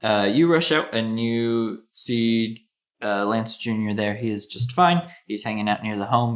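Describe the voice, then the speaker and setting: A man with a low-pitched voice narrates a tabletop role-playing game as its game master. He describes scenes at an easy pace and drops in the odd um and uh. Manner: descriptive, relaxed, with um and uh.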